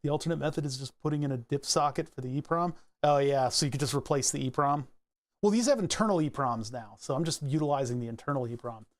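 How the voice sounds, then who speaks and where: A man's voice: mid-range voice, fast talker. A man casually walking through his microcontroller code, rambling and self-correcting, laughing at himself now and then. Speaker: hobbyist electronics maker.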